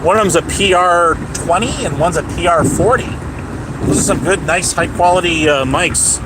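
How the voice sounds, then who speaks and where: A man's voice: high-pitched, normal speed. A man rambling on a livestream while driving home, profane and combative, with lots of fillers, restarts and taunts at viewers. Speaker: livestream host. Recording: noisy car cabin.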